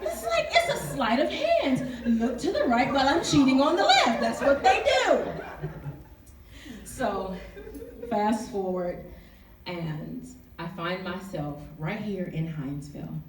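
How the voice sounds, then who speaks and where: An author and speaker tells a candid, funny story to a live book-event audience, her slightly high voice very animated and slow. She testifies and calls for responses from the crowd. The hall is echoey, with a distant mic.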